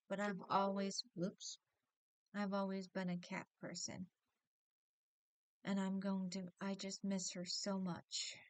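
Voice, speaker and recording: Tearful, halting woman vlogger, smooth voice. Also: medium pitch, dry recording. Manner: halting, restarts often, near tears. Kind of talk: emotional personal vlog.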